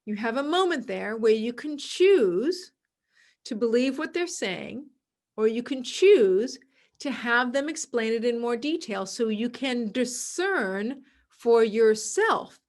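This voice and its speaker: A woman hosting a podcast, explaining an idea calmly and repeating her key words, sometimes acting out other people's voices. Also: a little high, measured pace. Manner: acts out quoted voices in a dramatic, excited tone. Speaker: podcast host. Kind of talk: solo podcast talk.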